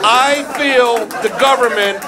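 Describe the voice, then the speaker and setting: A man's voice: very high-pitched, slow, very noisy. A man doing a profane, confrontational stand-up set, recorded live on a club stage with a handheld mic. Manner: profane, confrontational, aggressive punchlines. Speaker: stand-up comedian. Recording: live club recording with loud crowd laughter.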